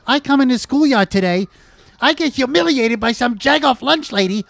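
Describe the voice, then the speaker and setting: A man's voice: high-pitched, animated, normal speed. A man playing a character who stammers when flustered and rants indignantly in an improvised comedy sketch. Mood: ranting. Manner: stammering, then loud and indignant. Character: flustered, then ranting, squabbling tough guy.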